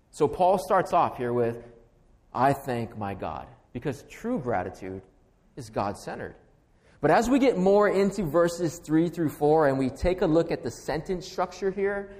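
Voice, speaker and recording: A man's voice: on the high side, a little mellow. Emphatic preacher man in a reverberant hall. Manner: emphatic, builds with repeated stacked phrases. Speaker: pastor. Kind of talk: expository sermon.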